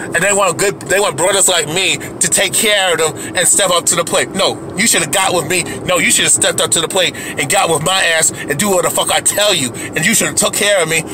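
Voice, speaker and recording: Man, heated profane rant, high voice, faint background noise, repetitive restarts. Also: fairly quick. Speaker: video commentator. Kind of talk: angry profane rant to camera.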